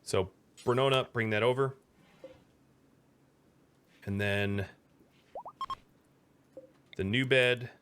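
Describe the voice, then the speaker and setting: A man's voice: mid-range voice, steady tone, very slow, pauses often, fairly bright tone, a little hiss or hum. An American man from the United States giving casual, chatty commentary while streaming a game, talking to viewers between moves. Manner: chatty, talks to chat and to his pet between game moves.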